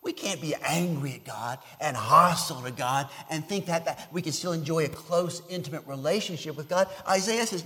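Emphatic preacher in a reverberant hall. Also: male voice, on the high side, normal speed, few pauses, bright, forceful tone. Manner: earnest, emphatic, repeats words as he restarts. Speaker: pastor. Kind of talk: sermon.

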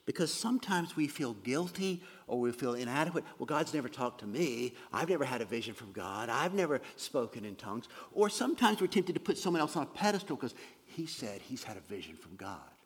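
A man's voice: medium pitch, big pitch swings, a little fast, husky, long reverb tail. A man preaching a sermon as pastor, earnest, repeating words as he builds a point and dropping to near whispers. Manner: earnest, repeats words, swings from loud emphasis to quiet drops.

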